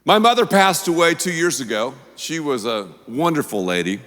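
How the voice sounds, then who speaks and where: A man preaching to his congregation with a bright, forceful voice that sits a little high for a man. He talks emphatically and conversationally, throwing in punchy asides, and the hall rings with a long reverb. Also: very animated, normal speed. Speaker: pastor. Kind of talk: sermon. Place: church auditorium.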